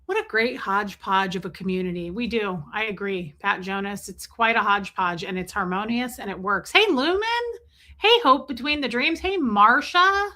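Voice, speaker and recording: A woman's voice: medium pitch, moderate pace, sharp tone. A woman hosting a casual livestream, chatting and joking as she reads out viewers' names. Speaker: livestream host.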